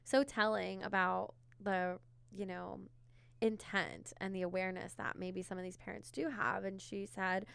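A woman's voice: mid-range voice, little pitch movement, normal speed, gravelly, a bit bright, clear, resonant tone, no echo. A woman therapist co-hosting a podcast, chatting casually and filling her talk with "like" and "you know.". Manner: conversational, many filler words.

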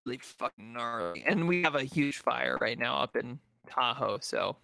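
A man's voice: mid-range voice, lively intonation, normal speed, vocal fry, pushed and bright, dry recording. A man in casual chat, laid-back and profane, with lots of fillers. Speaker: friend in conversation.

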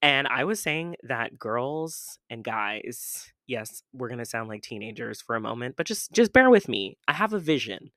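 Young woman, podcast host, casual chat, playful, rambling, dry sound. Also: dry recording. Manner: chatty, playful and rambling, with sudden loud jumps in pitch. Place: at home.

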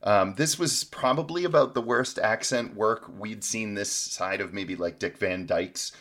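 A man's voice: lowish voice, unhurried, fairly bright tone. A man co-hosting a podcast who gives sarcastic, joking movie commentary and chuckles at his own jokes. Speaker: podcast co-host. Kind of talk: casual movie-review chat.

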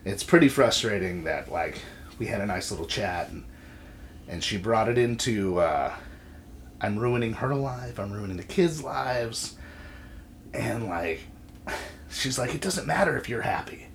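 Animated, cursing man chatting casually. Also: on the low side, measured pace, vocal fry, pauses often, slight background noise. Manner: animated, swears freely. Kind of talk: casual chat.

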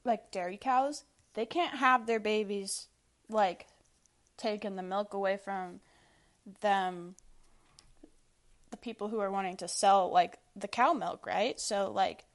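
A woman's voice: mid-range voice, takes it slowly, pauses often. A young woman hosting a casual monologue of opinions, blunt and profane, filling nearly every phrase with "like". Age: young adult. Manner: blunt, profane, filler-heavy with constant "like". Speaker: podcast host. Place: Washington State.

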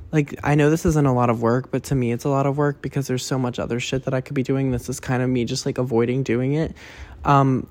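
A man's voice: medium pitch, a little mellow. Young man, solo podcast host, rambling, self-deprecating, stammering restarts, casual cursing.

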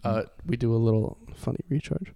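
A man's voice: medium pitch, fairly quick, gravelly, dark tone. A young man as a podcast guest, chatting casually at home in a playful, goofy way and swearing freely. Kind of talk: casual chat. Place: home kitchen.

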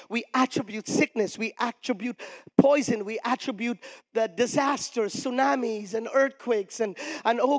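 High-pitched pastor preaching in a hall. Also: male voice. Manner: emphatic, with shouted peaks and audience call-and-response. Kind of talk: preaching a sermon. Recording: long reverb of a large hall.

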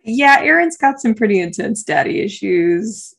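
Brief: chatty, giggly woman co-host, everyday mid-pitched voice, relaxed banter. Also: normal speed, creaky, husky. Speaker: podcast co-host. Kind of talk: casual chat.

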